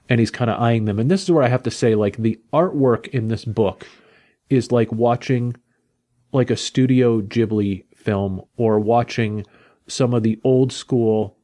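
A man's voice: mid-range voice, mellow. A man casually reviewing a comic book, retelling the story with lots of fillers and restarts and briefly paraphrasing the characters in his own voice.

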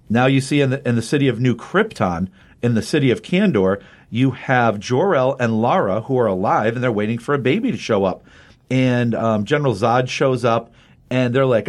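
A man's voice: mid-range voice, moderate pace. Enthusiastic man recapping comics. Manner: enthusiastic, rambling with fillers and restarts. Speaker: comic book podcast co-host. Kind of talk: casual chat, recapping a comic.

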